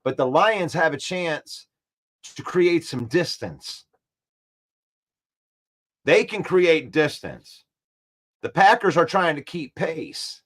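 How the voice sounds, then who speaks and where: A man with a fairly high voice hosts a sports talk show in an animated, trash-talking way. He keeps repeating his points and gets worked up as he talks. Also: slow, pauses often.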